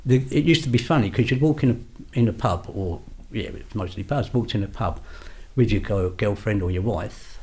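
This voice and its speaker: A man's voice: fairly low pitch, a little fast, few pauses, darkish tone, a little hiss or hum. An older man, a podcast guest recounting his past in a blunt, storytelling way and acting out the exchanges he quotes. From London. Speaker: guest, former gangster. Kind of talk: storytelling interview.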